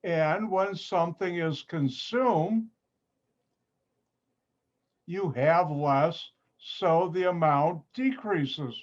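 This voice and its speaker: A chemistry professor speaks extremely slowly in a fairly high voice, pausing often. He teaches his online class patiently, repeating points with playful asides mixed in. The audio, from a computer mic on a video call, is muffled and lo-fi.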